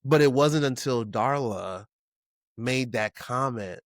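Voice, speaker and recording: Slow, candid man reflecting solo. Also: no room sound, clean studio sound. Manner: candid and emotional, casual with swearing; halting restarts, pitch swinging widely. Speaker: podcast host.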